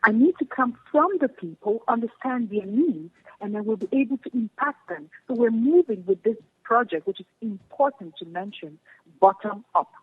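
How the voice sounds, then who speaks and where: A woman's voice: a little high, expressive, moderate pace, slightly rough, no room sound. A woman, a guest speaking earnestly and passionately over the phone, repeating her key phrases. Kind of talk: phone interview. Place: home in Germany. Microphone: phone line. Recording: tinny phone line.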